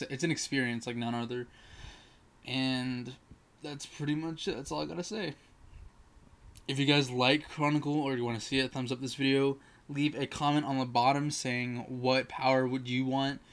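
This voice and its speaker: Man, casual movie review, rambling with fillers, monotone, smooth voice. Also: medium pitch. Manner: rambling retelling full of fillers.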